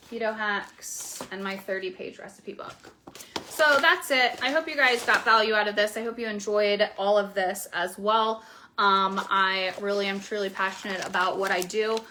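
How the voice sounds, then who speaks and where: Young woman with a bright sharp voice, chatty coach vlog, lots of ums, faint noise behind. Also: medium pitch. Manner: chatty, many fillers, frank and blunt. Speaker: keto coach. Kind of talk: casual promotional video talk.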